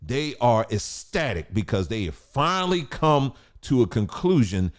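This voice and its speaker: A man's voice: medium pitch, big pitch swings, measured pace. A man hosting a commentary vlog, talking in a preachy, emphatic way and asking rhetorical questions. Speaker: host of a commentary channel.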